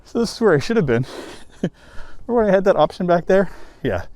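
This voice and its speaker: A man's voice: high-pitched, big pitch swings, fast, darkish tone, no echo. A man from the US East Coast vlogging on a forest trail, talking casually, laughing and swearing, out of breath from climbing, recorded on a handheld camera outdoors. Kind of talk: casual vlog narration while hiking. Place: wooded ravine trail outdoors.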